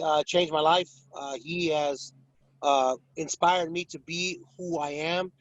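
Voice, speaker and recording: With a voice on the high side, a boxing ring announcer spins animated stories in a casual interview, doing impressions of fighters. The recording is dull, dry lo-fi, without echo.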